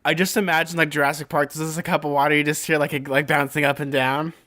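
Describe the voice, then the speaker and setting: A man's voice: on the high side, level tone, fast, pushed and bright. Jokey young man recapping a story. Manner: jokey, recaps plot with playful gasps and quoted voices. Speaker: podcast co-host. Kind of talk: casual chat retelling a book.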